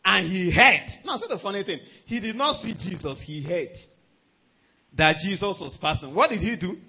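A man preaching a sermon as a pastor, animated, often chuckling and repeating himself for emphasis. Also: sits high, brisk, breathy edge.

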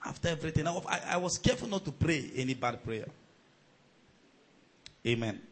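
A man preaching a sermon as pastor. His delivery swings between loud, shouted surges and quieter storytelling. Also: a little high, expressive, brisk, rough recording.

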